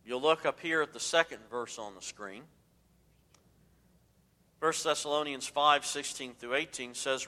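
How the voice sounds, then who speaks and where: A man preaching a sermon as pastor, emphatic and swinging between loud declarations and hushed asides. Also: medium pitch, unhurried, pauses often, in a large hall.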